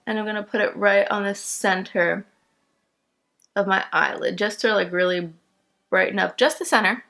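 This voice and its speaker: Young female vlogger, casual step-by-step makeup talk, mid pitch, easy laughs. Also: steady tone, moderate pace, gravelly, bright, forceful tone. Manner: chatty, step-by-step, laughs easily.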